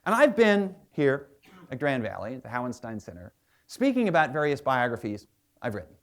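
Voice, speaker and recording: A man's voice: medium pitch, huge pitch swings, normal speed. A man who is a historian and biographer, giving a public lecture as a chatty storyteller with plenty of asides.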